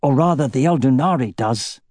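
A man's voice: medium pitch, animated, a little fast, darkish tone, dry recording, clean studio sound, lightly acted. Roran, a man voicing a grim young warrior. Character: battle-weary young male warrior, grim and determined.

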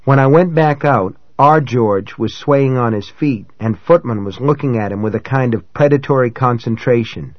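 A man's voice: mid-range voice, no room sound. Man narrating a gripping novel, dry and dull-toned. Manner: measured, dramatic reading that rises for shouted dialogue. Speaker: audiobook narrator. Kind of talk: scripted first-person narration.

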